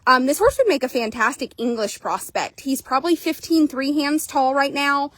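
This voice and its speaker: A woman's voice: high-pitched, lively intonation, normal speed, fairly bright tone, dry recording, low-quality recording. Chatty upbeat woman selling a horse outdoors. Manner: chatty and upbeat, full of "like" and "um", talks to viewers. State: hot and a bit out of breath. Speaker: horse seller and trainer. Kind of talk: casual sales walkthrough to viewers. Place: outdoors at a horse trail course.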